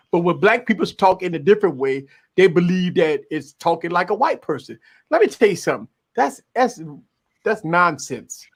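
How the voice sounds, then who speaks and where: A man with a husky, breathy edge to a high voice that swings up and down a lot. He talks emphatically in a casual live panel chat and slips into quoted voices as he makes his points.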